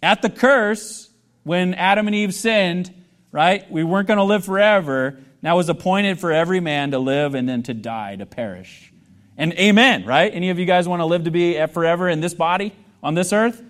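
A man's voice: sits high, normal speed, a bit bright. A male pastor preaching a sermon in a conversational way, asking the congregation questions and joking with them.

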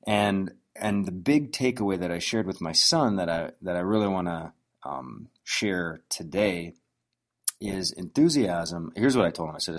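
Deep-voiced man, casual business coach, anecdotal and loose. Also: lively intonation, unhurried. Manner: conversational, anecdotal, with frequent restarts. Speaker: business owner coaching on sales. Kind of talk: motivational business talk.

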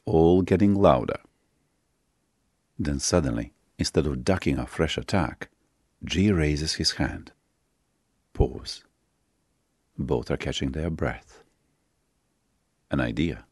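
A man with a very deep voice narrates a sultry story, taking his time with each phrase. His delivery is intimate and unhurried, full of pauses. The recording is dry and close, with no room sound. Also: a little mellow, no echo. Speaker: author and narrator.

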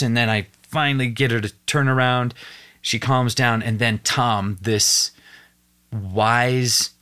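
A young adult man, a podcast guest, retelling a personal story with earnest, animated emotion and acted-out quotes. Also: medium pitch.

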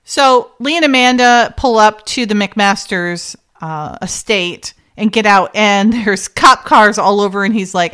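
Woman, podcast co-host; animated recap, mid-pitched, slips into character voices. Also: a little slow, few pauses, clean tone. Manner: animated, acts out characters' lines and laughs often. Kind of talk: casual chat.

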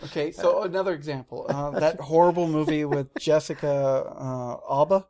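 A man with a slightly raised voice, chatting casually and telling animated stories. He acts out his own screams and reactions as he goes. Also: on the high side, moderate pace. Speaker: comic shop staff guest. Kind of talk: casual radio-style chat.

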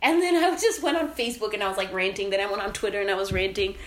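A woman co-hosting a casual podcast, telling stories and ranting in an animated way. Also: medium pitch, racing, roomy sound. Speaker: podcast co-host.

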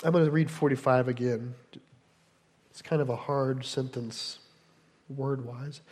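A man's voice: medium pitch, fairly even intonation, unhurried, darkish tone, breathy edge, big-room sound. A man preaching a sermon as pastor, teaching in a conversational way with frequent asides to the congregation. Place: church hall in Delaware.

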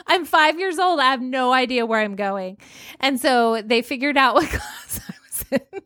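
A woman in her forties co-hosting a podcast, telling a story in an animated way and laughing often. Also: high-pitched, a little slow, dry recording, studio quality. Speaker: podcast co-host. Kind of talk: casual chat.

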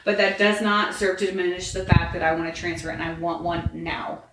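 A woman reading aloud as a gruff, aloof young male wizard who grumbles in exasperation. Her voice sits low and the room around it rings back. It is a storybook reading rather than full acting. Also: fairly even intonation, brisk, noisy background, natural voice. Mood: testy. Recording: roomy echo.

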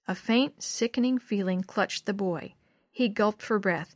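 A woman narrating a storybook in a measured, expressive way. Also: mid-range voice, no echo, studio quality. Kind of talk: storybook reading.

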